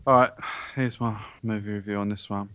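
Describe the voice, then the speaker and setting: An English man co-hosting a podcast, telling stories bluntly and swearing casually in relaxed banter. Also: on the low side, brisk, clear, resonant tone, no echo. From England. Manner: blunt, swears casually, laid-back storytelling. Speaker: podcast co-host.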